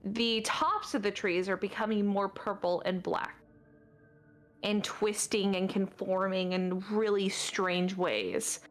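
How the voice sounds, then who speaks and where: Woman game master narrating a scene, mid pitch, slow and easygoing. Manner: descriptive, relaxed narration with fillers.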